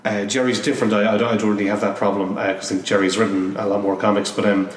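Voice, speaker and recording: Guest spot: soft-spoken man, fairly low voice, halting delivery with many restarts, picked up from a distance in a roomy space with long reverb. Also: flat delivery. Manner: hesitant, many restarts and fillers. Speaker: comic book artist guest. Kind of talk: casual interview conversation. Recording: roomy echo, distant mic, faint noise.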